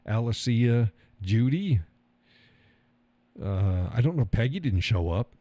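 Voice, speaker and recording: Man, middle-aged, live stream host, rambling casual chat, mellow tone, dry close sound. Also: mid-range voice, expressive, takes it slowly, dry recording, dull audio. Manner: rambling, swears casually, chuckles often. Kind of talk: casual chat reading viewer comments.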